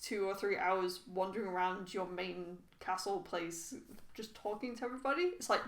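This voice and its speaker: A woman's voice: steady tone, moderate pace, a little hiss or hum. Chatty woman in a roomy room. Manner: chatty, laughing, goes high when quoting characters. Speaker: podcast co-host. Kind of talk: casual chat. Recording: roomy echo.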